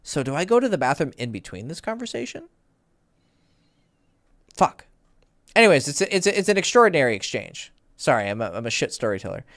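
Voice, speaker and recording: A man's voice: fairly high pitch, big pitch swings, brisk, long pauses, fairly bright tone, no echo, studio quality. A man in his thirties, a dating coach, telling a story in a rambling, profane way and often correcting himself. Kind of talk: casual storytelling.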